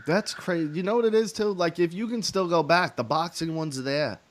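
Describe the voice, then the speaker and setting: A man's voice: a little high, fairly quick. A man hosting a call-in show, chatting casually in a blunt, profane, rambling way. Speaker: show host. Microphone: headset or desk mic with headphones.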